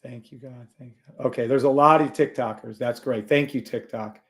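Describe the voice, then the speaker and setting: A man hosting a live trading stream, gruff and blunt, swearing and scolding his viewers while he calls out trades. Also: mid-range voice, steady tone, normal speed.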